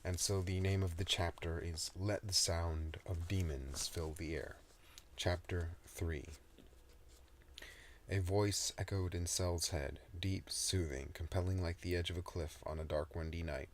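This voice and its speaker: A man's voice: low-pitched, fairly even intonation, a little slow, slight background noise. A man reading his own story aloud in a soothing style, with casual, joking asides.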